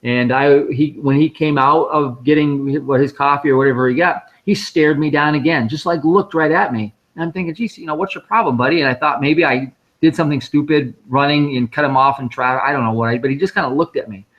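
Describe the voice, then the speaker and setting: A man's voice: a little high, fairly quick, highs cut off. A man, a guest speaker at a fundraising live stream, telling a personal story in a conversational way and quoting the people in it. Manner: conversational, vivid retelling with quoted dialogue.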